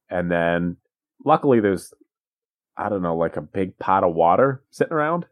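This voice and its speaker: A man's voice: sits low, animated, moderate pace, no echo. A man co-hosting a podcast, recapping a movie in a rambling, wry casual chat. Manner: rambling, wry, acts out quotes. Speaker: podcast co-host.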